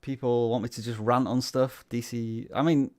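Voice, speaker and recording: A man hosts a relaxed livestream chat, his voice sitting at an ordinary middle pitch. He rambles and jokes, full of "uh"s and restarts, and the sound is close and dry with no room echo. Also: normal speed. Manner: rambling and joking, with many fillers and restarts. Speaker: livestream host.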